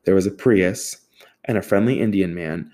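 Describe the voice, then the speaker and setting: Young man, deep voice, casual sarcastic storyteller who swears freely. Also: moderate pace, mellow. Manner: profane, sarcastic, exasperated.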